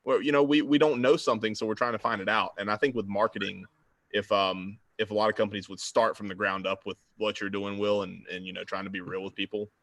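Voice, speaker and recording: A man who runs a supplement store, speaking in an energetic, emphatic way in a casual roundtable chat. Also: fairly low pitch, quick pace, dry recording.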